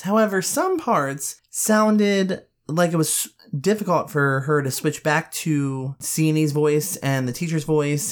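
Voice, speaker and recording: Woman with a very low voice, deliberate. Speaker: podcast co-host reviewing audiobooks. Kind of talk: casual chat.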